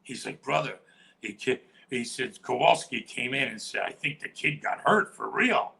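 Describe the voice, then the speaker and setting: A man's voice: medium pitch, normal speed, vocal fry, poor audio. A middle-aged man, a retired professional wrestler, telling stories in an interview and acting out the dialogue and sound effects. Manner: animated, acts out quoted dialogue with sound effects. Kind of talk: storytelling interview.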